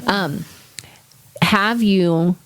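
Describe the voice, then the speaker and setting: A young woman co-hosting a podcast chats casually, acting out quotes as she tells a story and swearing freely. Her mid-range voice is clear and resonant, extremely slow, in a dry recording.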